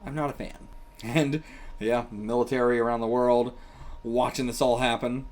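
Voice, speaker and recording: An excitable man talks through a manga in a loose, casual reaction. He swears freely, laughs often and has a mid-range voice. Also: medium pitch, moderate pace, a little hiss or hum.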